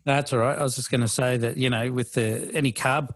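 A man's voice: mid-range voice, fairly even intonation, fairly quick, no echo. A middle-aged man co-hosting a podcast, chatting casually with lots of fillers and restarts. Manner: rambling, full of fillers and restarts. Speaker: podcast co-host. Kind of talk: casual chat.

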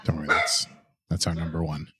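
A man's voice: extremely low pitch, completely flat delivery, fairly quick, heavy background noise. A man co-hosting a casual watch-along podcast, playful and jokey, tossing in quoted lines and goofy voices. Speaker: podcast co-host.

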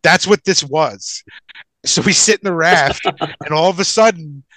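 A man's voice: a little high, measured pace, sharp tone, slight background noise, rough recording. A man telling a long anecdote on a casual podcast, rambling and profane, full of restarts and asides. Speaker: podcast co-host.

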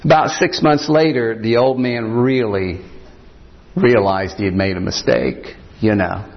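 A male pastor with a low, gravelly voice tells a story from the pulpit. He is unhurried and often pauses with "uh" and "he said". The sermon recording sounds dull and lo-fi.

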